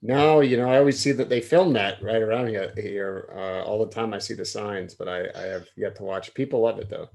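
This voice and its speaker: A man hosts a casual sports podcast in an easygoing way, steering the chat with loose questions. His voice sits a little low. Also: brisk, creaky, hardly any pauses, darkish tone. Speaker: podcast host.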